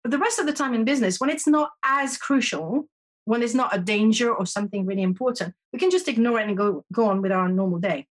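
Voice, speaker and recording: A woman with a somewhat husky, slightly high voice speaks as a podcast guest. She explains her method earnestly and patiently, often restarting her sentences. Her first language is French. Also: fast. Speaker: podcast guest, intuition teacher. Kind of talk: conversational interview.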